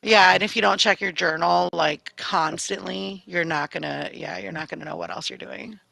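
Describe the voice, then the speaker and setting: Bright, gravelly woman co-host, lively storyteller, dry close mic. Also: fairly low pitch, moderate pace, no echo, poor audio. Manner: animated storyteller who acts out quotes, laughs often. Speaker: podcast co-host. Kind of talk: casual chat.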